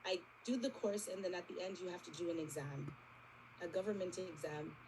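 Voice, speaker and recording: A woman's voice: on the low side, brisk, background noise. A woman in her forties telling a personal testimony to a church congregation, acting out the conversations in her story. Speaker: church member giving testimony. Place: church service.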